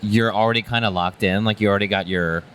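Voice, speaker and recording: A male podcast host who also does stand-up, chatting in a relaxed, agreeable way and nodding along with short replies. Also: lowish voice, fast, a little hiss or hum. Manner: laid-back and agreeable, short affirmations. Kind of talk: casual podcast conversation.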